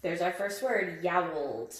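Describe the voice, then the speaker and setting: Slow, patient woman teaching phonics. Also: mid-range voice, lively intonation, reverberant. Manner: slow, patient, exaggerated word sounds; encouraging, talks to young listeners. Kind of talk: phonics lesson, reading a picture book aloud.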